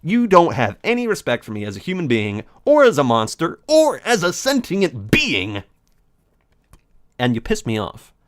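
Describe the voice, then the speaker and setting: A man's voice: a little high, huge pitch swings, normal speed, no room sound, clean studio sound. A man doing let's play commentary, rambling in a theatrical, mock-dramatic way.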